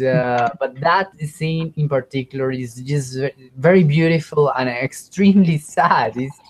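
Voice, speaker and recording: A man's voice: on the high side, rough recording. A man who is an English student, telling a story in casual conversation practice, hesitant, with many restarts as he searches for words.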